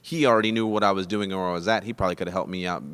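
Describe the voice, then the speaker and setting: A man's voice: low-pitched, steady tone, very fast, fairly bright tone, smooth. A man, a comedian guest, telling rambling, profane, self-deprecating stories in a casual chat at a comedy club.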